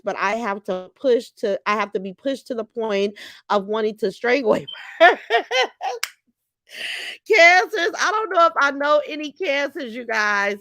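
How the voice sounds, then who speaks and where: A woman's voice: fairly high pitch, fairly bright tone, no room sound. A woman, casually hosting a live stream and talking straight to her viewers. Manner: chatty, addresses viewers directly, reads comments aloud. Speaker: livestream host reading chat.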